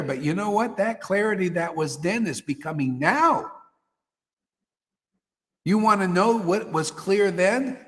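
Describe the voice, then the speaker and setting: A man giving a devotional sermon as a spiritual teacher, exhorting and colloquial. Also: sits high. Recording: reverberant hall.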